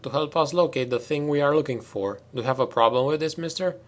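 A man's voice: a little high, a little fast, close to an everyday voice. A man putting on a stern female marine lieutenant. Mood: commanding. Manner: clipped, commanding, sardonic. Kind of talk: audiobook character reading.

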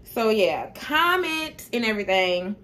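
A young woman vlogger chatting casually to camera in an expressive, slangy, animated way. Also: on the high side, measured pace.

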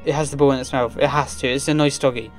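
A man's voice: medium pitch, steady tone, quick pace, faint music behind. A young man giving casual gameplay commentary from his desk at home, chatty and easily startled, gasping and sighing as he plays. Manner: chatty, jumpy, gasps and sighs when startled. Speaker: let's play gamer.

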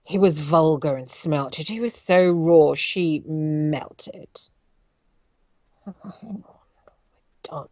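Low-voiced woman reading her memoir. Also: very slow, pauses often, no room sound. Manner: flat, wry asides between read passages. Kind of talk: reading aloud with wry asides. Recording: dull dry lo-fi audio.

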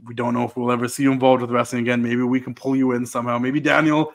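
Fast-talking male podcast host. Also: medium pitch, little pitch movement. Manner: friendly, quick reactions and affirmations. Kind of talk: casual interview chat.

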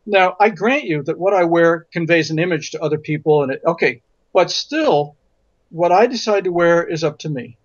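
High-voiced man, emphatic, lo-fi audio. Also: lively intonation, moderate pace, dry recording. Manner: emphatic storyteller who repeats words for stress. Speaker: physician and guest. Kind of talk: interview conversation. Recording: dull lo-fi audio.

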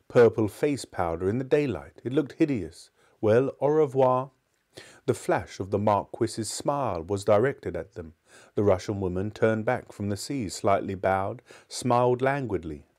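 A man's voice: lowish voice, a little mellow. A man hosting a book club, reading a short story aloud and then chatting casually with listeners. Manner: casual, chatty, hesitant when speaking off the page.

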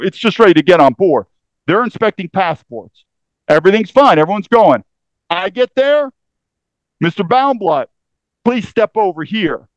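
A military veteran man recounts his experience with urgent, emphatic delivery, often cutting himself off and starting again. His voice sits high for a man. The recording is dry and slightly dull, close with no room sound. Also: no echo. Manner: intense, emphatic, self-interrupting. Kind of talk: first-person storytelling.

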